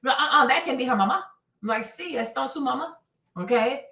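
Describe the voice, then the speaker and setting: A woman hosting a livestream, gossiping loudly and dramatically, with shrieks, laughter and Spanish phrases mixed in. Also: high-pitched, expressive, fast talker, reverberant, distant mic, rough recording. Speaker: livestream host. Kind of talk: casual gossip commentary.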